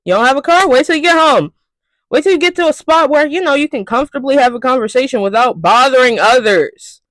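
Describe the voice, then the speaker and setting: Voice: sits high, fast talker, a bit bright, dry recording, rough recording. A vlogger ranting casually to camera, exasperated and profane, repeating phrases for emphasis.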